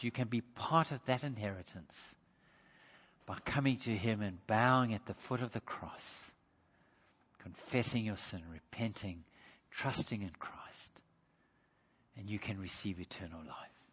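A man's voice: on the low side, unhurried, slightly rough, muffled recording. Impassioned male preacher in an echoing hall. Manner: impassioned preaching, swings from loud to hushed. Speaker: pastor. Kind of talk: sermon.

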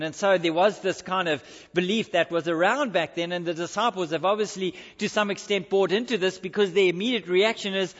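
A man's voice: sits high, a bit bright. A male pastor preaching a sermon in church, emphatic and repeating his key phrases. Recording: dull recording with long hall reverb.

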